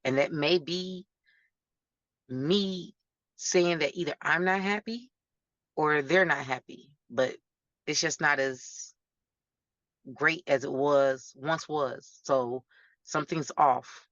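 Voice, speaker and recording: A woman's voice: low voice, takes it slowly, long pauses, fairly bright tone, no echo. A woman guest talking candidly and bluntly in an interview. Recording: dull lo-fi sound.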